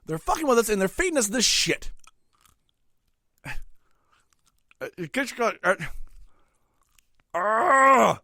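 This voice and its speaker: A middle-aged man hosting a podcast alone, ranting crudely and profanely with sudden loud outbursts while eating. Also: very high voice, very animated, takes it slowly, pauses often, no room sound, clean studio sound. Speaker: podcast host. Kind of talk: solo comedic rant.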